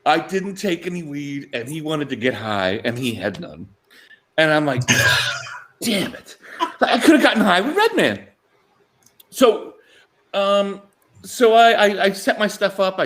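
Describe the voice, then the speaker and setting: Male sports-show co-host, tenor-leaning voice, animated storyteller who laughs between lines. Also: on the high side, moderate pace. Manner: animated anecdote-telling, chuckling mid-sentence. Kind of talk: casual storytelling chat.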